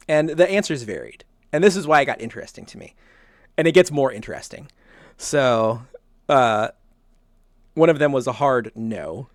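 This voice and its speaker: A man hosts a casual podcast, telling rambling stories and chuckling often. His voice is medium-pitched. It comes through a close, dry mic with no room sound. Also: expressive, moderate pace, dry recording. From American South. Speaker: podcast host.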